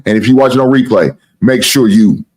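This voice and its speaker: A man hosting a casual live-stream sports talk show, with a deep voice, rambling and repeating himself and swearing now and then. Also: fairly quick, darkish tone. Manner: rambling, repetitive, plugs the channel, swears casually.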